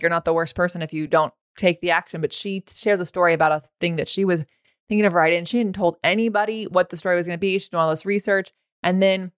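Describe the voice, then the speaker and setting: A woman's voice: lowish voice, smooth, no room sound, clean studio sound. A woman hosting a podcast, chatty and informal, filling her speech with "like". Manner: chatty, peppered with "like" and laughs. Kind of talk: casual podcast conversation.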